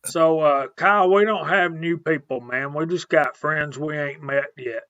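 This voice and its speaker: A man's voice: fairly high pitch, unhurried, a bit bright, no room sound, dull audio. A man hosting a casual live stream, laid-back, reading out viewers' names one after another.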